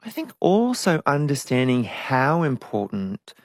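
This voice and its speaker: Middle-aged woman guest, gravelly, candid, dry close sound. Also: very deep voice, measured pace, dry recording. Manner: frank and reflective, animated at times. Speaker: interview guest, singer. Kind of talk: candid conversational interview.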